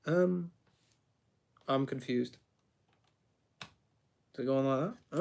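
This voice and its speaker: A man's voice: medium pitch, takes it slowly, creaky, long pauses, a little mellow. A young man chatting casually on a live stream while he builds, rambling, reacting to chat and tripping over his words.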